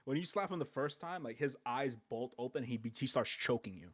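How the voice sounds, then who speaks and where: A man's voice: mid-range voice, fairly quick, breathy edge. A man running a tabletop game as game master, narrating in a loose, casual way and laughing often.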